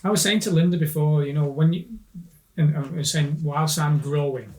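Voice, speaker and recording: A man's voice: a little high, moderate pace. Hesitant man talking off-mic. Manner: hesitant, restarts often, agrees readily. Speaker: podcast host. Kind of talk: casual conversation.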